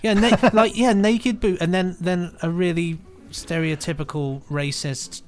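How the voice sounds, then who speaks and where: A man co-hosting a podcast, animated and rambling, with frequent restarts. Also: sits high, unhurried, faint music behind. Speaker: podcast co-host. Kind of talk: casual podcast chat.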